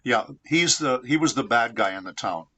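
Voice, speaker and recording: A man from San Diego, a voice actor being interviewed, telling anecdotes in a measured, reflective way. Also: medium pitch, lively intonation, pushed and bright, lo-fi sound. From San Diego, United States. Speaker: voice actor guest.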